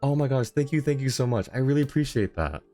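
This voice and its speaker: A man's voice: medium pitch, expressive, fast, warm tone, faint music behind. A man streaming a game in casual chat, effusively thanking viewers and laughing often. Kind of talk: casual live-stream chat while gaming.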